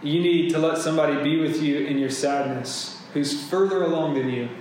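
Casual preacher in a very echoey room. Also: male voice, a little high, normal speed, a little mellow. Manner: casual, conversational preaching with asides. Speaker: pastor. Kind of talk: sermon. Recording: very echoey room, faint hum.

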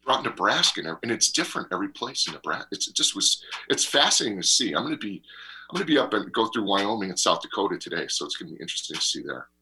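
A man co-hosting a radio talk show, telling a rambling travel story in an animated way and laughing often. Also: lowish voice, rapid-fire, breathy edge. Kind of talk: casual chat and travel storytelling.

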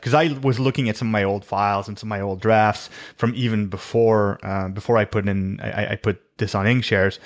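A man in casual chat on a writing podcast. His talk runs on in long, rambling stretches that stay upbeat, and he keeps correcting himself as he goes. He is recorded over a remote call. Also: mid-range voice. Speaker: podcast co-host, writer. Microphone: remote call mic.

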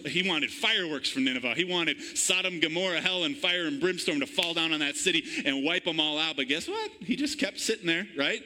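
A man's voice: on the high side, animated, a little fast, hardly any pauses, bright, forceful tone, a little hiss or hum, rough recording. A man preaching a sermon in church, calling out to the congregation for an amen. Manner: call-and-response preaching, asks congregation for amen. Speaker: pastor.

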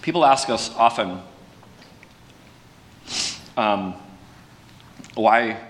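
Folksy pastor in an echoing hall. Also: male voice, expressive, very slow. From California. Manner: folksy, self-deprecating, with frequent restarts and fillers. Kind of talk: conversational sermon talk. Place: church sanctuary. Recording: distant mic with long hall reverb and faint rumble.

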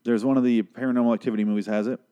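A man's voice: mid-range voice, flat delivery, very fast, mellow, smooth, dull audio. A man giving a casual, rambling episode recap, profane and opinionated, swearing freely. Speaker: TV show recapper.

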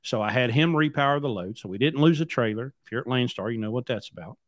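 A podcast host who also owns a trucking company tells a long, casual story, rambling bluntly and repeating words as he goes. His medium-pitched voice has lively intonation and a quick pace, recorded clean in a studio with no echo.

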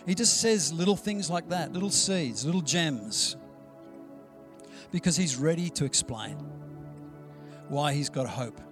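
A man preaching a sermon in an easygoing, storytelling way, voicing the people in his anecdotes. His voice sits a little high for a man. Music plays clearly behind him. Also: expressive, unhurried, pauses often. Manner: conversational storytelling preacher, acts out quoted dialogue. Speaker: pastor.

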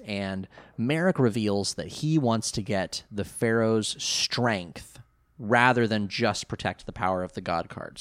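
A man's voice: on the low side, a bit bright, clean tone, no room sound, studio quality. A man co-hosting a podcast, recapping an anime episode in casual, rambling chat full of fillers and laughs. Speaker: podcast co-host.

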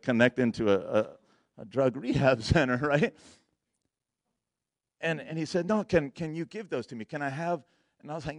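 A young man preaches with easy, slangy warmth, often breaking into laughter as he acts out his own side of a story. His voice sits in an ordinary middle register, and the recording is close and dry with no room sound. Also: mid-range voice, gravelly, no room sound. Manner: laughing often, casual slang, quotes himself in dialogue. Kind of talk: sermon storytelling.

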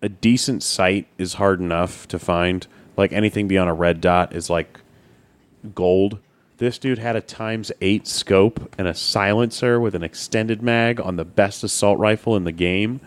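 Podcast co-host, male, low-pitched, swears, tells stories with gusto. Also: measured pace. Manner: storytelling, animated, swears. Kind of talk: casual chat.

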